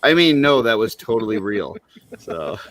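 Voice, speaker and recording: A man's voice: fairly low pitch, big pitch swings, normal speed, crowd noise. A man hosting a podcast in casual chat, moderating the guests, joking and laughing often. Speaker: podcast host.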